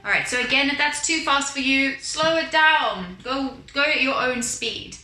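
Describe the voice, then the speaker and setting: A woman's voice: sits high, moderate pace, pushed and bright. A woman as a vocal coach leading a beginner singing lesson, demonstrating exercises and overpronouncing her words. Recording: roomy with piano behind.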